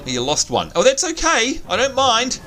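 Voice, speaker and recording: A man's voice: very high-pitched, wildly swooping pitch, moderate pace, music in the background. A man hosting a let's play, chatting through gameplay and panicking and yelping when he is scared. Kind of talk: gaming commentary.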